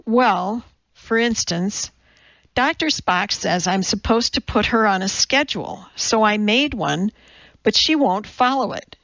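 A woman's voice: expressive, unhurried, creaky, a bit bright, no echo, highs cut off. A woman voicing an anxious, self-doubting young mother who talks hesitantly and pleads. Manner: hesitant, pleading, raised pitch.

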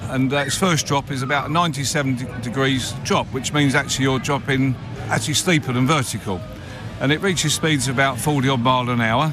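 An older man, a theme park owner, chatting casually in an interview, hesitant and quick to laugh. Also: medium pitch. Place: outdoor amusement park. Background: music and ride noise.

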